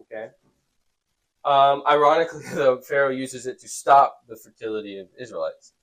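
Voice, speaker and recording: US man, youth teacher, chatty, keeps asking "okay?", mid pitch. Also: moderate pace, a bit bright, low-quality recording. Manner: conversational, checks in with "okay?" often. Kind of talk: Bible class teaching.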